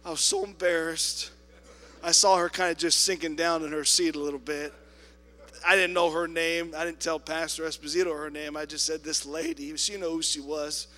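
A man preaching a sermon in a church, telling a story with quoted voices and swinging between loud appeals and soft asides. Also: on the high side, level tone, moderate pace, big-room sound. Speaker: pastor. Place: church sanctuary.

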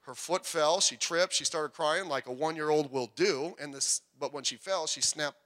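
An older man preaching a sermon, telling personal stories with animated swings between loud emphasis and quiet asides. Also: fairly high pitch, moderate pace. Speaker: pastor.

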